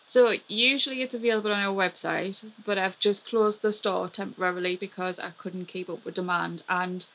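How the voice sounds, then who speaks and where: A woman with a broad Mackem accent talks candidly as a guest in a relaxed conversation. She is blunt and unfiltered, swears without apology and laughs often. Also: mid-range voice, moderate pace, rough recording. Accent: Mackem (Sunderland). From North East England. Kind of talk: casual interview chat.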